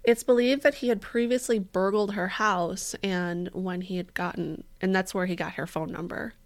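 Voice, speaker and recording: Her voice is mid-range and steady, delivered at normal speed, as she co-hosts a podcast. She relays a true-crime tale in relaxed conversation, swearing openly and dramatizing the people she quotes.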